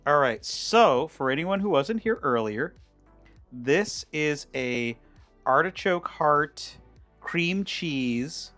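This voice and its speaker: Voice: medium pitch, animated, slow pace, fairly bright tone. A cooking streamer chatting casually while making a dish, rambling with many fillers and restarts. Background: faint background music.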